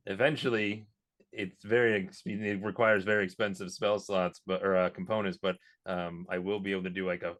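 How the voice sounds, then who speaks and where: A man playing in a tabletop game, describing his character's actions in a halting, self-correcting way. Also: deep voice, a bit bright. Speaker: player. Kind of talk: casual tabletop play.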